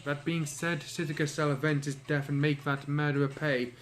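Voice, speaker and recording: A man's voice: fairly high pitch, flat delivery, moderate pace, natural voice. A man voicing a grieving young female ninja student who speaks tearfully, in a fan audiobook reading. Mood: resolute. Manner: tearful, pleading.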